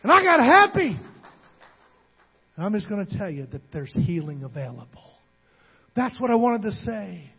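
Pastor guy preaching, husky highish voice, stumbles and repeats, long echo in the church. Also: expressive, normal speed. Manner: emotional, calls out to congregation, repeats words. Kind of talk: sermon. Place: church hall. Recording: dull recording in a reverberant hall.

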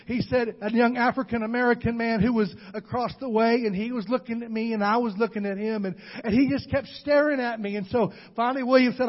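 An older man preaching a sermon as pastor, with call-and-response and rising to shouts. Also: high-pitched, in a large hall. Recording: dull lo-fi sound.

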